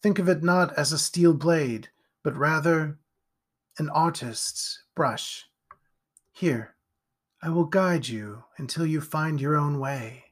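A man voicing an ancient, sly male creature who speaks with slow, soft, coaxing menace. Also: a little high. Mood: menacing.

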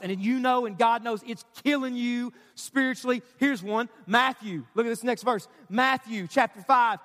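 A man's voice: very high-pitched, fairly bright tone. A man preaching a sermon to a congregation, urgent and emphatic. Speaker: pastor. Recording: live hall with long reverb.

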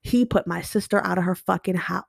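Gravelly-voiced young woman venting bluntly. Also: on the low side, brisk, no room sound, clean studio sound. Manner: blunt and emotional, frequent swearing. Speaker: podcast host. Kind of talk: unscripted personal monologue. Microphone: home podcast mic.

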